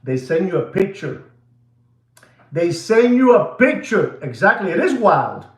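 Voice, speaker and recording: A man hosting a watch channel rants theatrically to his viewers in a voice that sits high, keeping a measured pace. Excitable and animated, he slips into asides in Spanish, and the recording has a roomy echo.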